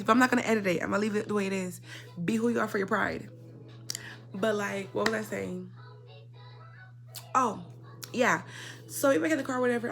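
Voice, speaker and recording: A young woman telling a personal story in a casual, indignant rant, swinging between loud outbursts and quiet asides. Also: medium pitch. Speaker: storyteller vlogger.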